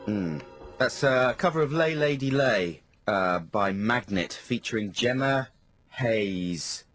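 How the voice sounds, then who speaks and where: A man's voice: medium pitch, lively intonation, slow pace, fairly bright tone, soft background music. A man with an English accent, co-hosting a radio show and telling anecdotes in casual banter in a studio.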